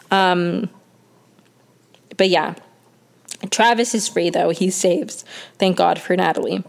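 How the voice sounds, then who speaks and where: Chatty young woman recapping a show. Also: mid-range voice. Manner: chatty, filler-heavy, frequent restarts. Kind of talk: casual episode recap.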